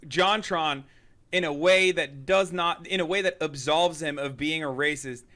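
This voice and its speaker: A man's voice: fairly high pitch, measured pace, sharp tone. A man streaming live, talking loosely with profanity and laughs. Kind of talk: casual live-stream chat.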